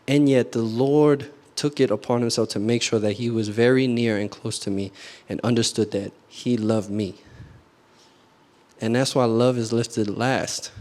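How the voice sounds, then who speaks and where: A man's voice: mid-range voice, darkish tone. A young man giving a short youth group sermon, earnest and casual, often asking the room questions and saying "like" a lot. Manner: casual, many "like" fillers. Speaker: youth speaker.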